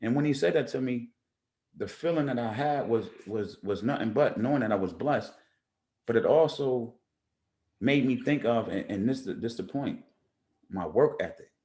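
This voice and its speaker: A man of medium pitch, talking earnestly as an interview guest. He presses each point with emphasis and repeats words as he works his way through a thought, in a relaxed, conversational way. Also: moderate pace. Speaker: guest rapper. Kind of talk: casual interview talk.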